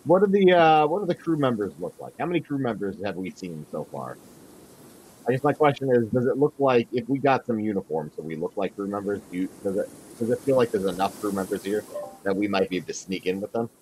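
A young man playing a tabletop game, animated and full of questions as he thinks aloud. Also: lowish voice, quick pace, a little hiss or hum, rough recording. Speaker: player. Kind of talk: casual tabletop play.

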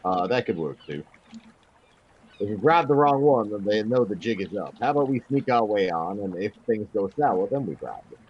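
A young man playing a tabletop game, animated and full of questions as he thinks aloud. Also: lowish voice, normal speed, highs cut off, slight background noise. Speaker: player. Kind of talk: casual tabletop play.

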